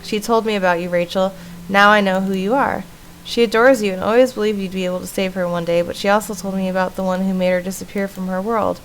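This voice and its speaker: Frightened young woman escaped from a painting, warning in a slightly gravelly voice, read by a woman streamer. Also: mid-range voice, fairly even intonation, fast, slight background noise, lightly acted, low-quality recording. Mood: urgent. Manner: urgent, warning.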